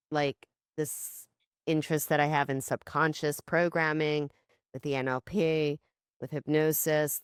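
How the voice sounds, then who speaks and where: A woman co-hosting a podcast, telling stories in animated casual chat and swearing offhandedly. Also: low voice, smooth, no echo, studio quality. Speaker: podcast co-host.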